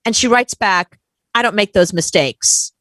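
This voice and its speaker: Animated woman telling an exasperated story. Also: mid-range voice, measured pace, dry recording. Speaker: podcast co-host. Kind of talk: casual chat, storytelling.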